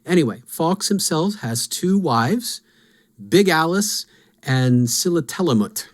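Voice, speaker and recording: A man's voice: a little high, animated, takes it slowly. A man hosting a podcast, talking through game lore in a casual, musing, self-deprecating way. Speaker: podcast host.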